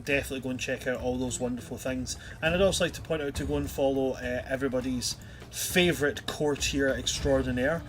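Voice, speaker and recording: A man's voice: mid-range voice, fairly even intonation, fairly quick, a little hiss or hum. A man hosting a tabletop game stream as game master, chatting loosely and energetically, with swearing and laughter. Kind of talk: casual end-of-stream chat.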